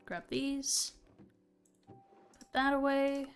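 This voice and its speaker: Young woman, relaxed gameplay streamer, unhurried chatter over faint music. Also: sits high. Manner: chatty, thinking aloud with fillers. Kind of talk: casual gameplay commentary.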